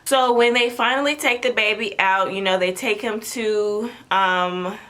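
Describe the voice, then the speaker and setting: A young woman telling her birth story in a casual, animated vlog rant, acting out the people she quotes. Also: medium pitch, measured pace. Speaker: vlogger.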